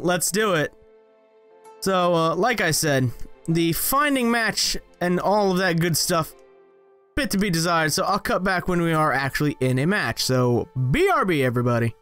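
A young man giving casual, rambling gameplay commentary, joking at himself and jumping into high excited yelps as he plays. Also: clear, resonant tone. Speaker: gaming channel host.

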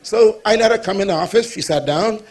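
A man's voice: high-pitched, brisk, a little mellow. A male pastor preaching a sermon, telling stories with humor and calling for the congregation's response.

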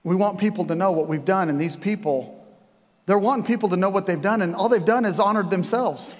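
A man with a high-pitched voice preaches a sermon as pastor, speaking briskly and conversationally with joking asides. He's in a church sanctuary, and the recording carries the long reverb of a church hall.

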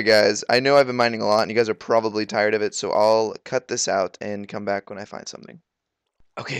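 A teenage boy giving casual, excitable commentary while playing a video game, grumbling and exclaiming at what happens. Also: on the low side, no echo. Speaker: gaming video creator.

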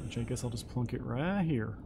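A man talks his way through a survival video game at a mid pitch, musing out loud about what to craft next. His voice sits over a steady wash of noise and game sound. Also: a little fast, vocal fry. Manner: chatty, thinking aloud while playing. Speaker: gaming streamer. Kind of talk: casual gameplay commentary.

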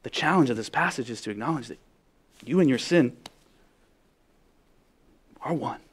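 A man preaching a sermon as pastor, emphatic, asking the congregation direct questions, dropping to a hush and building up loud. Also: mid-range voice, lively intonation, moderate pace, slightly rough. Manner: drops to a hushed voice then builds up loud.

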